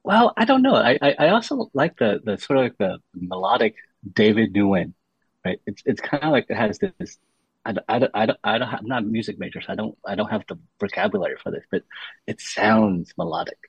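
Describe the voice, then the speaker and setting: A man's voice: fairly low pitch, expressive, brisk, breathy edge, no echo. A man speaking as a guest on a podcast, explaining things patiently with many restarts, on a dull lo-fi recording. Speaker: podcast guest, university senior fellow. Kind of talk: casual interview talk.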